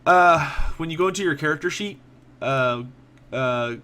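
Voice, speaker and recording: Bright-voiced game master narrating. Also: male voice, fairly high pitch, normal speed, clear, resonant tone. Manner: relaxed, filler-heavy narration.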